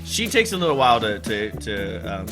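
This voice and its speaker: A man's voice: lowish voice, very animated, moderate pace. A man giving rambling, chatty let's play commentary while playing a farming game, with casual swearing. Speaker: gaming channel host. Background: game music.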